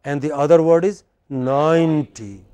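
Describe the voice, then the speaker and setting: A man's voice: a little high, measured pace, a little mellow. A middle-aged man with an Indian English accent, giving a classroom lecture on pronunciation and quizzing students as he drills words.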